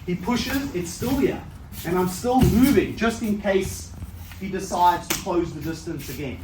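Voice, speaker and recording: A middle-aged man leads a seminar class on self-defense in a relaxed, conversational way, tagging nearly every point with a quick check-in. His voice sits high for a man. The sound is roomy and distant, with faint ambience behind. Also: background noise. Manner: conversational, checks in with "right?" constantly. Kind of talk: seminar teaching. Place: training hall at a seminar. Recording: echoey hall, mic from far off.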